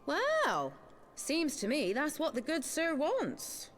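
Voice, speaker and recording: A tough, sardonic street leader. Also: female voice, high voice, huge pitch swings, takes it slowly, soft background music, heavily acted. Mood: explaining. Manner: dry, sardonic, commanding. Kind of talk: video game cutscene voice acting.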